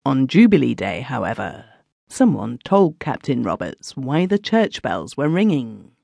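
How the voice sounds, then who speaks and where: Woman narrating an old story, first person villager, dry close mic, a bit gravelly. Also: very deep voice, sing-song, a little slow, mellow, dry recording. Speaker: audiobook narrator. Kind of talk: scripted narration of a classic story.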